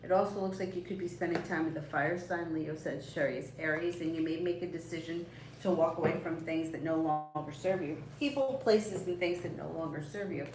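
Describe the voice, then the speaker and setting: A woman's voice: low-pitched, brisk, recorded from a distance, music in the background. A woman doing casual live-stream tarot readings, chatty and reassuring, rambling along with fillers and small laughs. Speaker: tarot reader. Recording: echoey room, voice a bit off-mic, faint background noise.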